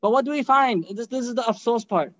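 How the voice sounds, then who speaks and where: A man giving an animated sermon, telling stories, acting out quotes and reciting Arabic verses. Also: very high voice, a little fast, muffled recording. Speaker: preacher. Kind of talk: sermon storytelling.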